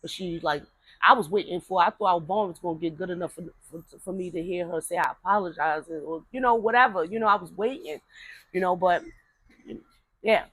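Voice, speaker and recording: A woman's voice: lowish voice, brisk, a bit bright, rough recording. A woman speaking, telling a family story in casual talk, rambling with repeated words and fillers and acting out relatives' voices. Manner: acts out voices of relatives in quotes.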